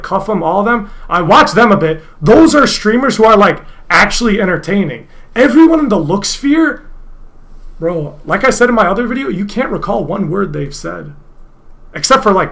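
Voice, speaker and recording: A young man talking on a casual livestream, his voice pitched high and bright. He rambles freely, swears constantly and now and then breaks into loud, exasperated outbursts. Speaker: streamer.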